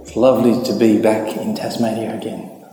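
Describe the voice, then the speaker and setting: A man giving a public talk, telling a story and jumping high when he voices other people. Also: little pitch movement, moderate pace, dark tone, faint music behind. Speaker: speaker. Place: hall. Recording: echoey hall reverb.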